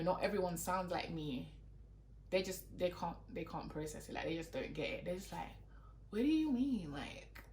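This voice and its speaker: A woman's voice: on the low side, a bit bright. Exasperated young London woman, roomy echo. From London, England. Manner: exasperated, talky, leans on "like". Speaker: YouTuber. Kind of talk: casual chat to camera.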